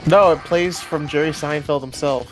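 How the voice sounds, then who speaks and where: A man's voice: on the high side, moderate pace, soft background music. A man co-hosting a casual gaming stream, teasing playfully and laughing often.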